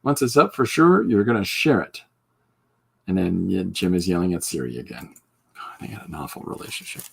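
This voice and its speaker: A low, husky man rambles through a casual livestream podcast, joking with his chat while he draws. His voice carries a gravelly edge, and his pitch swings widely as he talks. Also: lively intonation, brisk. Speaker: podcast host.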